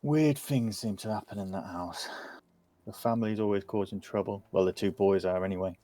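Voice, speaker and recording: A man's voice: lowish voice, brisk, dark tone, natural voice. A man voicing a chatty, helpful male innkeeper who talks in an easygoing, gossipy way.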